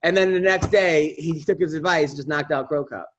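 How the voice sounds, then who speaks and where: A man on a podcast telling profane, animated stories in a casual chat. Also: a little high, fairly quick, a little hiss or hum. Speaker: podcast guest comedian. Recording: dull lo-fi audio.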